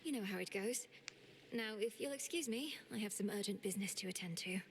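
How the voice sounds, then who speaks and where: A woman voicing a resolute young witch princess of the underworld in a video game, speaking in a breathy, half-whispered way. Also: medium pitch, fairly quick, a little hiss or hum, natural voice.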